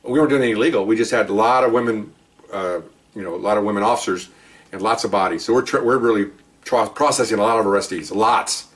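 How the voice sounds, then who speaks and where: An older man, a retired police officer, casually telling anecdotes, animated and chuckling, talking in fits and starts. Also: fairly low pitch, fast talker, far from the mic.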